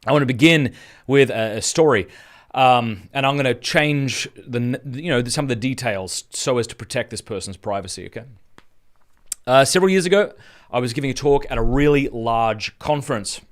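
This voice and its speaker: Australian man, 30s, chatty, earnest, mid-pitched voice, live stream host. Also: normal speed. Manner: casual, chatty, earnest, many restarts. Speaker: Catholic speaker and podcast host. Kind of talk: live stream talk, storytelling.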